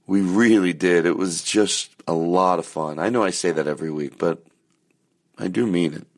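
A man with a deep, low voice rambles through a casual pre-show monologue, chatty and self-deprecating. He talks to listeners in a loose, unscripted way. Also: moderate pace. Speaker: podcast host.

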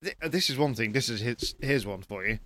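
A man chatting as a rally pundit on a panel, lively, with many restarts. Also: mid-range voice, a little fast. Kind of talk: casual panel chat.

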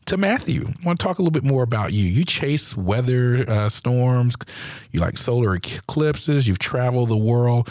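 Man, podcast host, halting, repeats words, low voice, dry sound. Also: a little mellow, no echo. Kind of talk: interview hosting.

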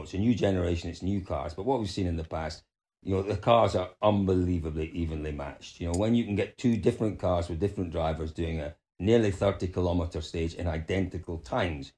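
A man's voice: deep voice, darkish tone, husky. A man giving his views as a pundit in casual panel chat, rambling on and adding one more final word. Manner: rambling, keeps tacking on final words. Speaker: rally pundit.

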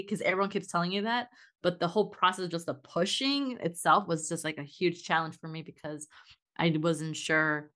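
A woman's voice: fairly low pitch, unhurried, fairly bright tone. A woman telling a long story in casual chat, full of fillers and restarts. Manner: rambling storytelling with many fillers. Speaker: guest mom.

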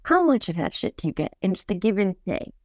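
A woman hosting a casual podcast chat, sarcastic and joking in quick riffs. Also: mid-range voice, big pitch swings, a little mellow, dry recording, studio quality. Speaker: podcast host.

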